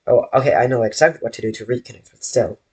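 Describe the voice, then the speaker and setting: Slightly rough and a little mellow, this man's medium-pitched voice fills a casual drawing stream from his bedroom. He talks slowly to chat, rambling and frequently correcting himself.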